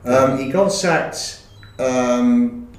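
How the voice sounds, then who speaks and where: A middle-aged man and former footballer, recalling his career in a halting, rambling way with many fillers. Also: medium pitch. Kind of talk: casual interview chat. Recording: roomy, distant recording.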